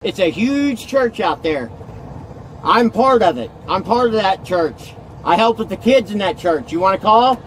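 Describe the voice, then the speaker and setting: A man's voice: sits high, expressive, a little slow, a bit bright, a little hiss or hum, poor audio. A man in an agitated, rambling rant, scolding and preaching by turns. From Indiana. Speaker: arrested man ranting on video. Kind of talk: angry self-filmed rant.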